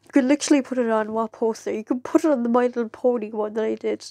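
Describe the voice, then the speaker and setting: A woman's voice: fairly high pitch, fast talker, no echo. A young woman chatting casually in a vlog, rambling with many "like"s. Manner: rambling, filled with "like", jumps into excited quoted voices. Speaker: vlogger. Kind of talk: casual chat to camera.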